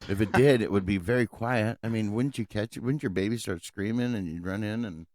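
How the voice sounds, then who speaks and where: A man's voice: on the low side, brisk, darkish tone, no room sound, clean studio sound. A young man co-hosting a podcast in casual chat, laid-back and swearing freely as he laughs along. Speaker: podcast co-host.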